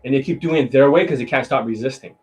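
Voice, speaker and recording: A man's voice: medium pitch, fast, a little mellow, low-quality recording. A man coaching on dating in a blunt, mocking monologue, swearing often and mimicking voices to make his points.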